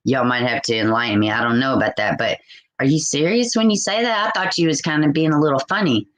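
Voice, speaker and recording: A woman's voice: extremely low pitch, fast, poor audio. A woman in her forties hosting a live call-in stream, blunt and outspoken as she reads viewer comments aloud. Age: 40s. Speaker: livestream host.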